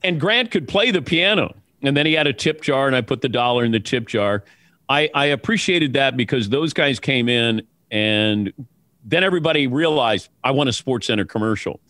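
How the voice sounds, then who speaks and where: A man, a sportscaster, telling anecdotes in an interview in a relaxed way. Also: medium pitch, moderate pace, no echo. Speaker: guest, sportscaster.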